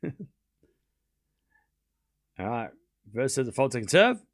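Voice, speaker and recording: A young man hosting a live tennis stream. He calls each shot in quick bursts and chats casually with his viewers between points. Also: mid-range voice, sing-song. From Australia. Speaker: stream host and tennis commentator.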